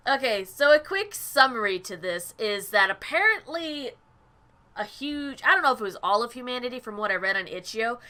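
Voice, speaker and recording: A woman hosting a casual let's-play, chatty and giggly, reacting out loud as she reads a visual novel. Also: on the high side, expressive, normal speed. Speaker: gaming channel host.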